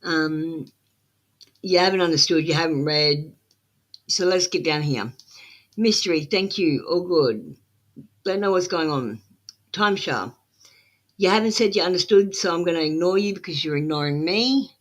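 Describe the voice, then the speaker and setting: A woman hosting a live-stream tarot reading, talking in a flat, matter-of-fact tone and bluntly scolding viewers who ignore her instructions. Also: fairly low pitch, normal speed.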